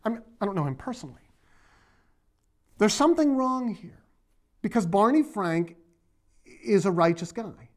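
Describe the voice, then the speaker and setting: A man's voice: high-pitched, lively intonation, normal speed, long pauses, a little mellow. A man from the area, hosting his own video blog and ranting about politics in a rambling, sarcastic, emphatic way. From Boston area, USA.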